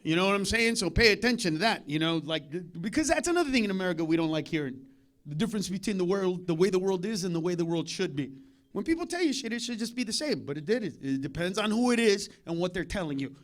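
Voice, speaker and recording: A male stand-up comic works a club stage through a handheld mic. He rants profanely in loud bursts. His voice sits high for a man. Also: lively intonation, fast talker. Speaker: stand-up comedian. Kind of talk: stand-up comedy set.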